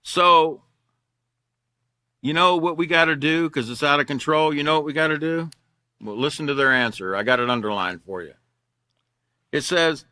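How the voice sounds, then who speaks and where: A man's voice: fairly high pitch, normal speed, long pauses, sharp tone, dry recording. An older man teaching a class, reading news articles aloud and mocking them with sarcasm, repeating himself as he goes.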